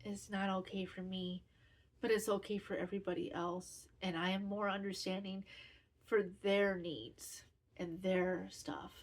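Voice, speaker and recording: A woman in her fifties talks through her week in a relaxed, rambling way, often restarting her sentences. She is open and hard on herself as she tells a personal story. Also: medium pitch, unhurried. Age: 50s. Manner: candid, self-critical, rambling with restarts. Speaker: knitting podcast host. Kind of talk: casual personal chat.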